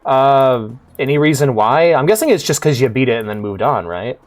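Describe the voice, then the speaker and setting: A man's voice: mid-range voice, lively intonation, moderate pace. A young man chatting casually as he plays and comments on a game, upbeat and rambling. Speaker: streamer.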